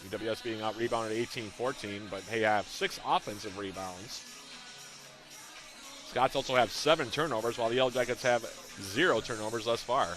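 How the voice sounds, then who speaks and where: A man calling a college basketball game play-by-play, reading out plays, scores and shooting stats in a brisk, rhythmic way. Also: mid-range voice, over music. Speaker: play-by-play announcer.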